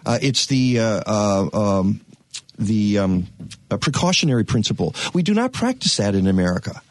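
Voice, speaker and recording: A man hosting a talk radio show, speaking in an animated, rhetorical way with many fillers, and reading sponsor spots. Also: on the low side, normal speed, no room sound. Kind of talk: talk radio chat and read ads.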